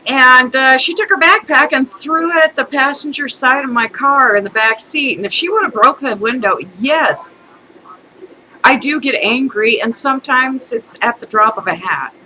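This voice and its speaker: A woman's voice: high voice, normal speed, sharp tone, slight background noise, rough recording. A middle-aged woman telling a rambling, chatty story in a casual rant, breaking into laughter now and then. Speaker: vlogger.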